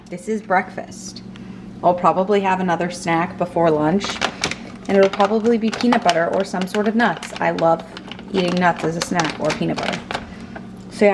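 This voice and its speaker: A woman's voice: lowish voice, fairly even intonation, moderate pace. Chatty young woman rambling in a kitchen. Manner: chatty, rambling, filler-heavy. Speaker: vlogger. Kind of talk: casual kitchen vlog chat. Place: home kitchen. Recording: noisy home recording.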